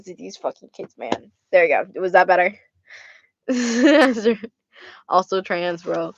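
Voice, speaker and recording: A woman's voice: lowish voice, big pitch swings, takes it slowly, lo-fi sound, slight background noise. A young woman vlogger answering fan questions in a casual way, blunt, laughing often and swearing freely. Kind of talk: casual Q&A vlog.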